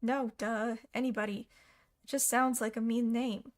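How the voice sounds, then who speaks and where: A woman's voice: on the high side, fairly even intonation, normal speed, natural voice. A woman voicing a cheerful, chatty schoolgirl with an eager, imaginative way of talking in an audiobook reading. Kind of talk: audiobook character voice.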